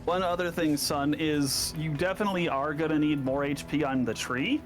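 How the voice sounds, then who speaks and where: A man's voice: fairly high pitch, steady tone, moderate pace, faint music behind. A man patiently explaining a game on a stream, stumbling over hard names with a laugh. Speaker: game coach.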